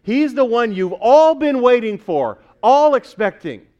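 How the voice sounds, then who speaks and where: A man's voice: extremely high pitch, very animated, unhurried, a little mellow, lo-fi sound. A male pastor preaching a sermon in a conversational way, asking the congregation questions as he goes.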